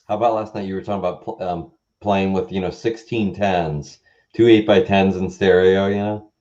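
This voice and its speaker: Deep-voiced rambling man on a dull line. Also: steady tone, normal speed, a little mellow. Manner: rambling, easygoing. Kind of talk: casual livestream chat.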